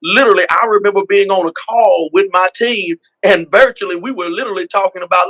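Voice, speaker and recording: A man speaks with a high, bright, forceful voice. He is a pastor telling a personal testimony as an interview guest. He builds his points in emphatic, repeated phrases with a preacher's rhythm. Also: quick pace, hardly any pauses, lo-fi sound. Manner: emphatic, repetitive preacher cadence, frequent "man". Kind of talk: testimonial storytelling.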